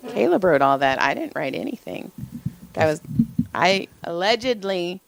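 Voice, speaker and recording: A woman's voice: fairly low pitch, big pitch swings, moderate pace, gravelly. A woman co-hosting a podcast, casually telling stories with profanity and acting out the voices of people she quotes. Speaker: podcast co-host; massage therapist. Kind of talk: casual storytelling chat.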